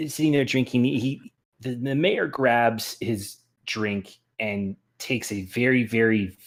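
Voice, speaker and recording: A man narrating a tabletop game as game master, casual and rambling, chuckling often. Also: fairly low pitch. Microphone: voice chat.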